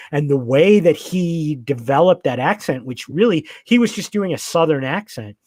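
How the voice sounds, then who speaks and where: A man's voice: fairly high pitch, no echo. A man in casual podcast chat, talking with enthusiasm and rambling through many fillers and restarts.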